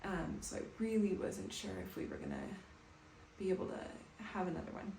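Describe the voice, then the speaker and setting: A woman in her thirties talking softly and calmly to camera in a personal home vlog. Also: fairly low pitch, a little fast, creaky. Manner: soft, calm, reflective. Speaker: vlogger. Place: bathroom at home, indoors. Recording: echoey room with faint background noise.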